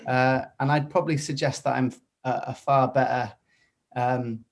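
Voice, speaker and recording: An upbeat Welsh man chats freely as a podcast guest. His voice sits at an ordinary middle pitch, and he greets his hosts loudly and cheerfully before easing into relaxed stories. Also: moderate pace, gravelly. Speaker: podcast guest, singer and radio presenter. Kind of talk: casual interview chat.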